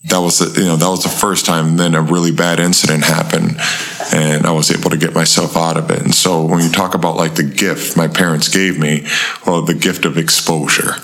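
A man as an interview guest, telling a tense life story in a casual, animated way and acting out the voices of people he quotes. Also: fairly quick. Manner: animated storyteller, acts out quoted voices in a higher pitch, swears freely.

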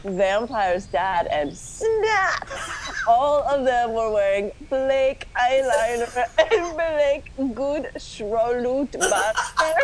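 A woman's voice: a little high, expressive, extremely slow, noisy background. A woman podcast host doing a comic dramatic reading of a story, often breaking into laughter as she reads.

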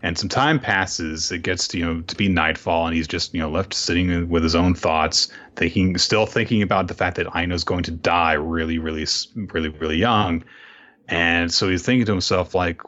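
A man hosting a podcast, casually recapping a manga chapter with animated storytelling and profane asides. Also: low voice, normal speed, muffled recording. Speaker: podcast host.

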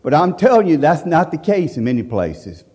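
A man delivering a sermon in a folksy, emphatic, storytelling manner. His voice sits a little high for a man. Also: sing-song, normal speed, warm tone, husky. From central Alabama, USA. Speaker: visiting preacher.

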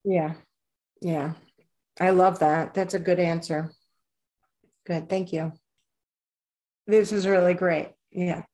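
A woman in her fifties co-hosting a casual podcast, speaking warmly and rambling with lots of ums as she talks about family dinner with her granddaughter. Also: fairly low pitch, fairly even intonation, slow pace, pauses often. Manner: warm, rambling, with many ums. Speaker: podcast co-host.

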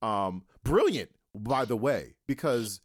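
Animated rambling man hosting a chat. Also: mid-range voice, slow, dry recording, studio quality. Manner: animated, rambling, acts out little scenes. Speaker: podcast host. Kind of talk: casual interview chat.

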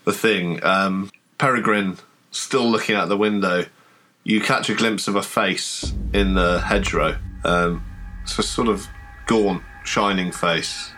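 A man's voice: low-pitched, fairly even intonation, measured pace, bright, forceful tone, faint music behind, poor audio. A man narrating a tabletop horror game as game master, hesitant, with many fillers and restarts.

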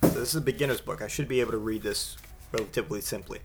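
A man giving casual comedic commentary on a picture book, wry and rambling, halting often with fillers. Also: fairly low pitch, very noisy.

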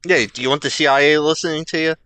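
A man in casual banter with a bright, crisp voice that sits a little higher than most. He argues his points quickly and offhandedly. The recording is dry and close. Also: fairly even intonation, no room sound. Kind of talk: casual chat.

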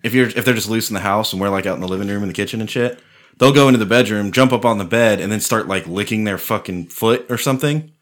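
A man with a lowish voice talks fast while chatting casually with friends. He's a laid-back storyteller whose loose tales are packed with swearing, filler words, and plenty of "like".

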